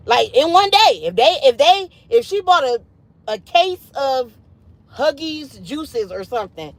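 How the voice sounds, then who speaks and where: A woman in her late thirties telling a story on a livestream in an animated, emphatic, foul-mouthed way. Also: sits high, poor audio. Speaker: livestream host.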